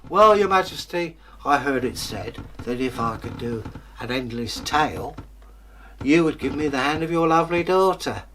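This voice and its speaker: A man voicing a filthy, poor male tramp who talks low, humble and a little cheeky. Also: lively intonation, moderate pace, bright, forceful tone, slight background noise. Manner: low, grumbling and self-deprecating.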